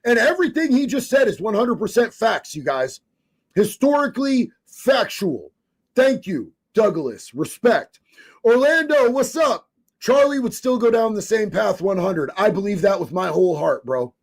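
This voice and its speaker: High-voiced fiery male livestreamer. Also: sing-song, moderate pace, breathy edge. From Oregon. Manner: fiery, profane, emphatic. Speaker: livestreamer reading viewer comments. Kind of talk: impassioned live-stream commentary.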